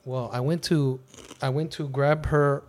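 A man in the middle of his range hosts a podcast, spinning a casual story about a night out. He acts out his own lines and other people's lines as he goes, with a lively, chatty delivery. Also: medium pitch, a little slow, a little hiss or hum. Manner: animated, acts out quotes of himself and others. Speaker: podcast host.

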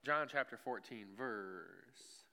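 A man preaching in a church, talking to the room like he's chatting with friends and checking in with "right?" every few lines. His voice is bright and forward, and it stays smooth and clear. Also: mid-range voice, slow pace. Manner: conversational preaching with frequent "right?" asides; acts out imagined dialogue with God. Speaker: pastor. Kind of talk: sermon.

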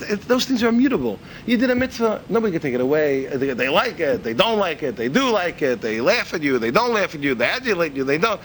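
Animated man giving a religious lesson. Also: sits high, a little hiss or hum. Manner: animated storyteller, rhetorical questions, repeats himself. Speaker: religious teacher.

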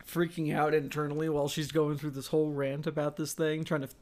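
A man's voice: fairly high pitch, level tone, fairly quick, darkish tone. A man co-hosting a podcast, chiming in with enthusiastic details and jokes in casual chat about a movie. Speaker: podcast co-host.

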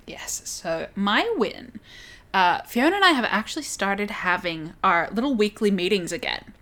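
An energetic young woman opening a chat podcast with her co-host. She jokes around and swears offhandedly, her voice at an ordinary middle pitch. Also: normal speed. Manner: energetic, joking, swears casually. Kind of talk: casual chat.

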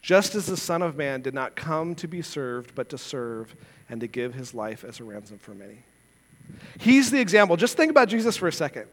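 A pastor's high, somewhat bright voice carries a long reverb tail through the church sanctuary. He preaches earnestly in a conversational way and poses rhetorical questions to the congregation.

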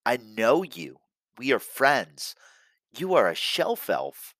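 Earnest young elf spy, read by a man, pitched up a little, dry close sound. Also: huge pitch swings, slow pace, fairly bright tone, dry recording, full character voice. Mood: pleading.

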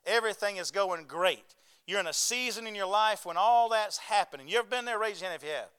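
Fast and high, with a bit of brightness and a clear, resonant tone, a man delivers a sermon as a pastor. He keeps it folksy, often throwing out "right?" and "amen?" to the congregation.

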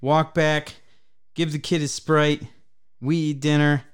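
Profane storytelling man, smooth voice. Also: a little high, takes it slowly. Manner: profane, rambling, animated when telling stories. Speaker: podcast host. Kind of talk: casual chat, storytelling.

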